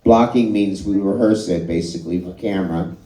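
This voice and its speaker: A man doing a stand-up comedy set, telling a story in an animated way and swearing freely. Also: deep voice, brisk. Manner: animated storytelling, swearing, crowd laughing along. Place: live comedy show at a bar and grill. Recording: echoey bar room with a loud crowd. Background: audience laughing.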